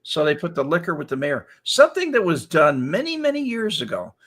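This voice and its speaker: Older male host, chatty storyteller, laughs a lot, bright and lively. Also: on the high side, fairly quick. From Chicago area. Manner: animated, laughs often, acts out quotes. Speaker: show host. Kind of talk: casual storytelling chat.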